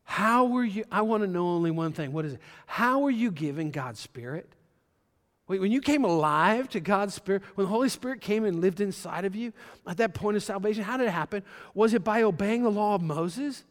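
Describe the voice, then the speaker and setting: A man preaching a sermon as a pastor, swelling his voice loud for emphasis and dropping it low again. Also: expressive, brisk. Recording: long hall reverb.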